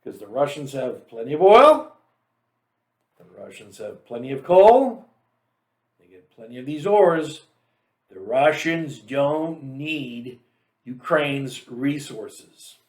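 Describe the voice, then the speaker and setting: A man's voice: medium pitch, expressive, takes it slowly, pauses often. A man hosting a political commentary monologue, reading facts aloud and breaking in with sarcastic, mocking asides. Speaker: show host.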